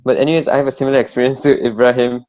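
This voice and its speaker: A man's voice: medium pitch, little pitch movement, racing, darkish tone, highs cut off. A young man from Singapore, joking bluntly in a casual podcast chat. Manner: joking, blunt, rambling with fillers. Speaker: podcast co-host.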